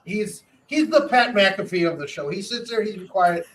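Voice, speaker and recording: A man's voice: high-pitched, expressive, moderate pace, fairly bright tone, poor audio. A man hosting a podcast in casual chat, talking loosely and restarting his words often. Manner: chatty, repeats words as he restarts. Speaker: podcast host.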